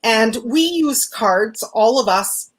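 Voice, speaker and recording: A woman hosting a women's circle, speaking calmly and reflectively about prayer, quiet and sisterhood on a live video call. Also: fairly high pitch, low-quality recording. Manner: calm, affirming, unhurried. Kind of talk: reflective spiritual talk.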